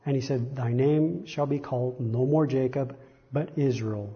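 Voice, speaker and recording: Man preaching, mid-pitched voice, rising emphasis on verses, repeats himself, slightly muffled lo-fi sound. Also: unhurried. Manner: reads verses aloud with rising emphasis, self-correcting repetitions. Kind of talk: sermon reading scripture.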